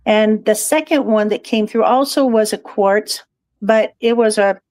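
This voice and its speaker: A woman's voice: mid-range voice, a little slow, darkish tone, no echo. A woman guest talking in a chatty, digressive way and laughing often. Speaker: guest, crystal shop owner. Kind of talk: casual interview chat.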